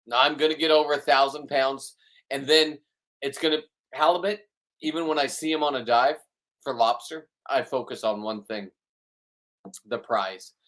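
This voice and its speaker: Casual male vlogger, mid-pitched, boastful and jokey, rambles off the cuff. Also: normal speed, fairly bright tone. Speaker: vlog host.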